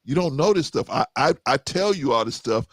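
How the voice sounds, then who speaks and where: A man hosting a casual group chat, an animated storyteller who often laughs. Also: mid-range voice, a little fast, no room sound. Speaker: podcast host.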